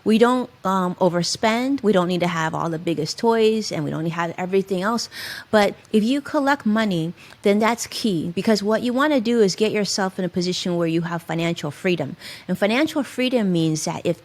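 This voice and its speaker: A middle-aged woman, a financial advisor, giving emphatic and expressive advice as a guest in an interview. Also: mid-range voice, fairly quick. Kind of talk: interview conversation.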